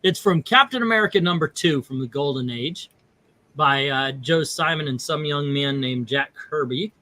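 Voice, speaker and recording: Bright-voiced man hosting a comic chat. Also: a little high, normal speed, dry recording. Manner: laughs often, reads comic panels aloud in put-on voices. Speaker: comic book channel host. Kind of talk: casual podcast chat.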